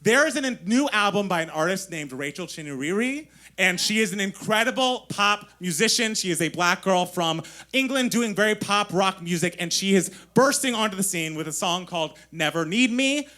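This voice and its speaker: A man co-hosting a podcast live on stage, talking in a gushing, excitable way and laughing often. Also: sits high, normal speed. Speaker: podcast co-host. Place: live stage before an audience.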